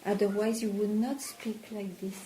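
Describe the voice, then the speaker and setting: A woman spiritual teacher in a satsang dialogue, talking slowly and probing with questions. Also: mid-range voice, flat delivery, dark tone. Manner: slow, probing, questions the listener. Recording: echoey room with faint noise.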